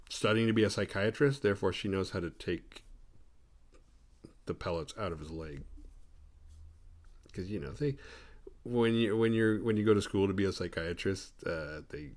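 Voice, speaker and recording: Male host, lower voice, lively swings in pitch; sarcastic, profane comedic film recap with quick character voices. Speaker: horror movie recap host.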